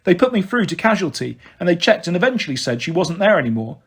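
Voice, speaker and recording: A man reading a children's novel aloud in a steady first-person narration. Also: high voice, quick pace, slightly rough. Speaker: storyteller.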